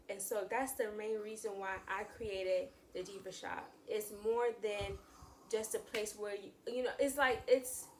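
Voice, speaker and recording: A woman's voice: mid-range voice, a little hiss or hum. Chatty woman with a lilt. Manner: chatty, repeats and restarts phrases, addresses viewers as y'all. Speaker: channel host sharing faith views. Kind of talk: casual talk to camera.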